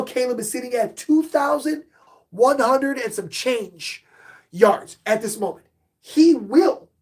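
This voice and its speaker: A man hosting a casual live-stream sports talk show, excitable, swinging between loud outbursts and muttered asides. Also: very high-pitched. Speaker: podcast host and sports fan; bartender.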